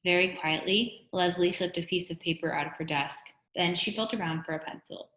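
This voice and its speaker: A woman reading a children's chapter book aloud in an expressive, steady storytelling manner. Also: lowish voice, moderate pace. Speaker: reader. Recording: roomy echo.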